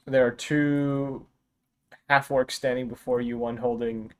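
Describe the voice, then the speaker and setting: Casting note: male game master, smooth clear voice, halting delivery full of fillers, narrating the scene from a home mic. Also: medium pitch, flat delivery.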